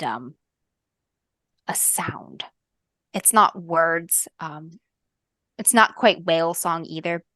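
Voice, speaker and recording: A woman game master narrating a fantasy tabletop game in a soft, lyrical way, with frequent ums. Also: deep voice, dry recording, clean studio sound.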